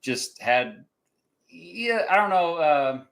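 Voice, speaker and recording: A man's voice: on the high side, big pitch swings, takes it slowly, vocal fry, fairly bright tone, rough recording. A man hosting a casual talk show quiz, rambling with many fillers and chuckles. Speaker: podcast host running a quiz. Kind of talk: casual chat.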